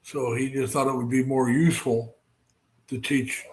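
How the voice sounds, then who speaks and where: An American man hosting a live stream, chatting casually and rambling with many fillers and pauses. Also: mid-range voice, little pitch movement, darkish tone, rough recording. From United States. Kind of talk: casual chat.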